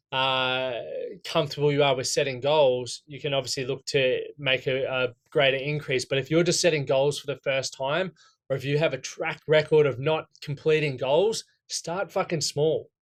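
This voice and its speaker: A man's voice: on the high side, fairly even intonation, moderate pace. An Australian man coaching a room of men through goal setting. He talks plainly and bluntly and drops the odd swear word. He keeps asking "right?" to check the group is with him. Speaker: coach running a men's goal-setting workshop. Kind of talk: casual workshop talk.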